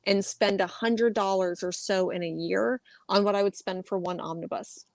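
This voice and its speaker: A woman's voice: medium pitch, steady tone, normal speed, gravelly, no room sound. A young adult woman, a guest YouTuber, chatting earnestly and thinking aloud with frequent ums. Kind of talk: casual chat.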